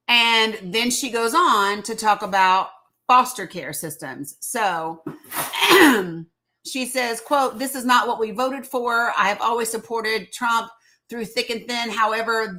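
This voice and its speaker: A woman's voice: fairly high pitch, slow, sharp tone, low-quality recording. A woman host, chatting casually to viewers and reading statements aloud. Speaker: show host. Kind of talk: casual live-stream commentary.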